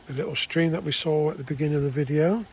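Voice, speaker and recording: A man's voice: a little high, quick pace, a little hiss or hum. Chatty older man walking outdoors. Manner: chatty, rambling with restarts. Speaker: vlogger. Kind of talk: casual walking commentary. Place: outdoors in countryside.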